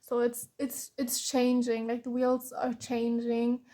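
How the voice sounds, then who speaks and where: Tired german woman doing a tarot reading, kinda high voice, sighs and restarts a lot. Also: monotone, takes it slowly, warm tone. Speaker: tarot reader.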